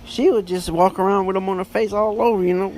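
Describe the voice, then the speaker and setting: A man's voice: high voice, steady tone, fast talker, darkish tone, a little hiss or hum. A man hosting a podcast, giving a casual book review in a rambling way, full of fillers and self-corrections. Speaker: podcast host.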